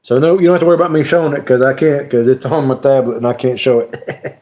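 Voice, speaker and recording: Male streamer host, mid-pitched, casual, emotional, halting with many fillers. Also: fairly even intonation, dark tone. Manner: emotional, halting, lots of "you know" fillers. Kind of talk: casual live-stream chat.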